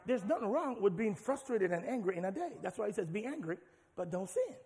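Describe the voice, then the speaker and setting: High-voiced preacher in a reverberant hall. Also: male voice, brisk. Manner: animated preaching, rising to shouts. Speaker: pastor. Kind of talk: sermon. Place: large church hall.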